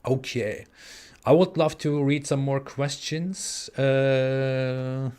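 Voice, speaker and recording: A man in his twenties with a German accent, hosting a live stream and reading out viewer super chats, talking in a halting way with many fillers and restarts. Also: mid-range voice, steady tone, a little mellow, clear, resonant tone. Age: 20s. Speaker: livestream host. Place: home in the US Midwest.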